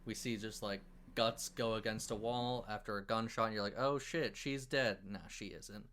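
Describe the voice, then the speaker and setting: A man's voice: fairly low pitch, moderate pace. Man casually recapping a movie plot. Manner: animated plot recap with swearing and acted-out quotes. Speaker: podcast co-host. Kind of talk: casual movie review chat.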